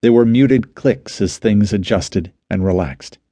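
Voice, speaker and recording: A man narrating an audiobook at an unhurried pace. His low voice is dark and husky. The sound is dry and close. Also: no echo. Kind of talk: scripted narration.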